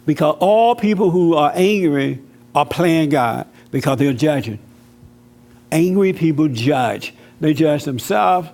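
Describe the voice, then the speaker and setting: Male pastor, slightly high voice, conversational preaching style, talks to the congregation. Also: darkish tone. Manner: personal testimony, conversational teaching; casual speech with fillers. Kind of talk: church talk with audience.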